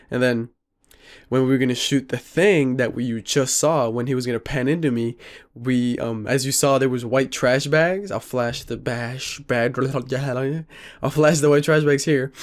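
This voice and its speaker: A teenage boy telling a story in a vlog, rambling and animated, saying "like" and "freaking" often.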